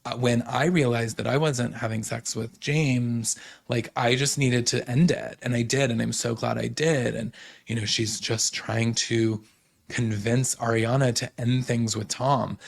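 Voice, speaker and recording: Gravelly-voiced man gossiping through a TV recap. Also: mid-range voice, fairly even intonation. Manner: gossipy, quotes others in quick paraphrase, many fillers. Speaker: podcast host recapping reality TV. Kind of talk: casual recap chat.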